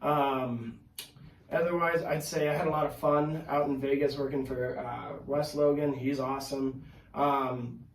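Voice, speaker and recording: A man guesting on a podcast, telling his stories in casual chat, animated and full of fillers, swearing freely. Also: medium pitch, measured pace, vocal fry, a little hiss or hum. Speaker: podcast guest, pro wrestler. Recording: echoey room, mic at a distance.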